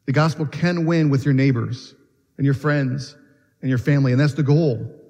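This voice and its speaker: A man's voice: mid-range voice, steady tone, moderate pace, darkish tone. A man preaching a sermon in earnest, asking questions and often restarting his phrases. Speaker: pastor. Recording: long reverb of a church hall.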